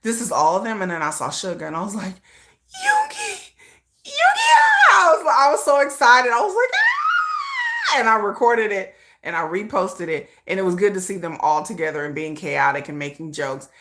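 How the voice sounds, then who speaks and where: A woman hosts a casual livestream, talking loosely and laughing often. Her bright voice swings widely in pitch and leaps into excited shrieks. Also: fast talker, few pauses. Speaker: livestream host.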